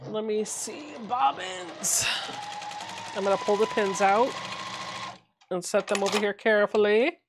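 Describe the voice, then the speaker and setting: A chatty woman hosts a live sewing stream and walks viewers through each step as she works. Her voice sits at a middle pitch and stays easygoing. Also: unhurried, pauses often, noisy background. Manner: chatty, explains as she goes. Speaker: livestream host. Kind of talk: casual chat while sewing.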